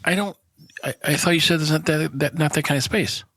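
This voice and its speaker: A man's voice: a little high, brisk, a bit bright, slightly rough, no echo. A man co-hosting a podcast in a casual chat over beers, swearing freely, laughing often and telling stories with lots of animation. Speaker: podcast co-host.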